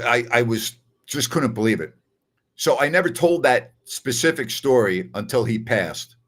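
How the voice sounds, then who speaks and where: With a medium-pitched, fairly bright voice, an older man hosts a sports talk show in the form of a casual live-stream chat. He tells stories in a relaxed way, repeating phrases to drive his points home.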